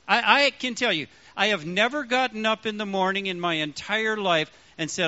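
A man, a pastor, preaching a sermon in an animated way, acting out the voices he quotes. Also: high voice, normal speed, hardly any pauses. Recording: dull lo-fi sound.

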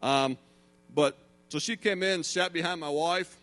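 A middle-aged man preaching a sermon, telling stories in an animated way and building to emphatic preaching. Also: fairly high pitch, a little slow. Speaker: pastor.

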